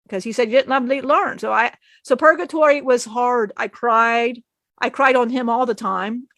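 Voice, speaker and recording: A woman's voice: a little high, fairly bright tone, no room sound. A woman channeling a spirit, telling an emotional personal story in a rambling way, often acting out what others said and laughing.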